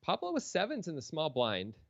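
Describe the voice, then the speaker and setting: A man calling a live poker stream with loose, rambling banter that keeps drifting into jokes. His pitch rises and falls in a lively, animated way. The sound is dry and close, a little dull and lo-fi. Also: fairly quick, gravelly, no echo. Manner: joking, rambling banter with frequent laughs. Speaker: poker commentator. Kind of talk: casual live-stream commentary.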